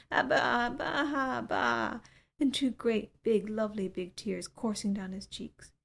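A woman reading a literary novel aloud as an audiobook narrator, in a measured, even storytelling delivery. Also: medium pitch, gravelly. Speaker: audiobook reader.

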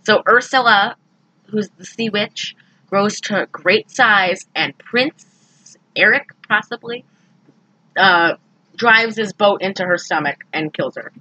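A woman chatting casually about a movie, animated and quick to act out characters' lines in high, loud voices. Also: no echo, rough recording. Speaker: podcast co-host recapping a movie. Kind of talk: casual chat.

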